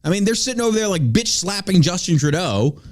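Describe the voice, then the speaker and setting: Heated, animated male podcast host. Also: sits high, fast talker. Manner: ranting, profane, heated. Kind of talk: casual political commentary.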